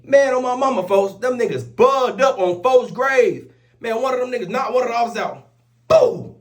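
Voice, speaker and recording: A young man telling a rough story in casual street slang, animated and profane, repeating oaths after every line. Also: very high-pitched, a little fast. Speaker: storyteller vlogger.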